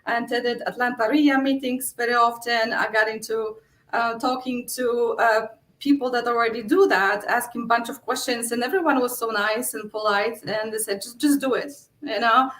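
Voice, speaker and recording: A woman's voice: fairly high pitch, fairly even intonation, moderate pace, a bit bright. A middle-aged woman with a Polish accent, a guest telling stories in a casual interview, acting out her own quotes and laughing often. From Poland. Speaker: guest, real estate investor. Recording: echoey room.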